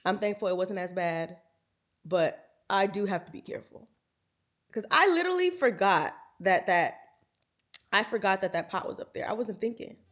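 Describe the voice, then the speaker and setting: Animated chatty woman in her thirties. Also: medium pitch, moderate pace. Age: 30s. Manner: animated, chatty, talks to viewers as "girl" and "y'all". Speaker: lifestyle vlogger. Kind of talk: casual storytelling to camera.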